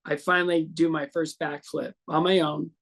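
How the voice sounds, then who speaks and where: Guest storyteller: man in his 60s, gravelly, animated, acts out quotes. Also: fairly high pitch, normal speed. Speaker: interview guest. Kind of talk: storytelling in an interview.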